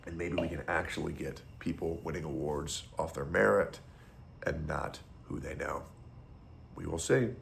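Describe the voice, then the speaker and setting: A man with a very low, gravelly voice delivers a blunt, profane rant straight to his viewers. He talks in a loose, opinionated monologue, and a faint hiss sits under the recording. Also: normal speed. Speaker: streamer. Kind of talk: casual ranting monologue.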